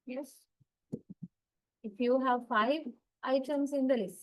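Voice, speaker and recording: A woman with a fairly high voice teaches an English intonation class. She explains each rule step by step, with many "uh" fillers and frequent checks of "right?". She acts out each example sentence with exaggerated rising and falling pitch. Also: slow, poor audio. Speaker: lecturer. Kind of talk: university lecture on English intonation.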